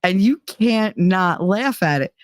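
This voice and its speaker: A woman's voice: medium pitch, animated, slow, no echo. Woman stream host, giggly and rambling, casual chat, dry close sound. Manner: rambling and giggly, laughs often; fond of loud, over-the-top talk.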